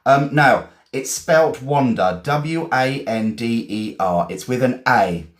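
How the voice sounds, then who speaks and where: A man from England with an English accent, teaching vocabulary in a chatty, encouraging way, repeating and spelling words slowly. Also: medium pitch, expressive, roomy sound. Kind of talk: live-streamed vocabulary lesson.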